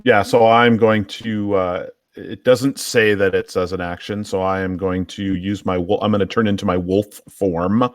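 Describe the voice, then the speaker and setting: Deep-voiced man hesitating over his turn. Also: fairly even intonation, normal speed, no echo, studio quality. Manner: hesitant, many fillers while deciding. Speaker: player. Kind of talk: playing a tabletop game online.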